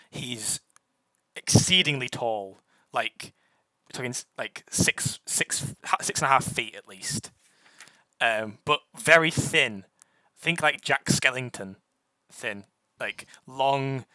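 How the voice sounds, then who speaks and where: Young man as game master, bright tone, dry close mic, stop-start narration. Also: mid-range voice, no room sound. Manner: halting, many fillers and restarts.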